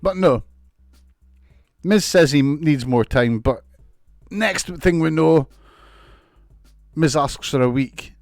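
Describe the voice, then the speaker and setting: Male reviewer, higher register, sarcastic and profane, casual recap, dry close recording. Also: takes it slowly, long pauses, no echo, faint music behind. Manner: sweary, sarcastic, laughs often. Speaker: wrestling show reviewer.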